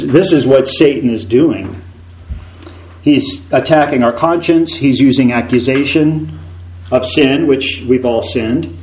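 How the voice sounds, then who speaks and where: A male preacher in full sermon mode keeps his delivery animated. He fires off rhetorical questions and slips into acted voices for the figures he quotes. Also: mid-range voice, a little slow, rough recording.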